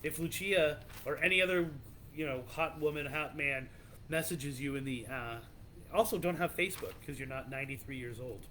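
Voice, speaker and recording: A man's voice: fairly high pitch, moderate pace, pushed and bright, a little hiss or hum. Rambling man telling a spooky legend. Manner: rambling, loose, many restarts and "like". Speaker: podcast host. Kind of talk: casual storytelling of legends.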